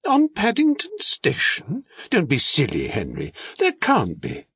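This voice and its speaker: Man doing a high fussy storybook mum, exclaims a lot, husky underneath. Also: huge pitch swings, a little slow, full character voice. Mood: incredulous. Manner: fussing, exclamatory. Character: kind, excitable middle-aged woman, Mrs Brown.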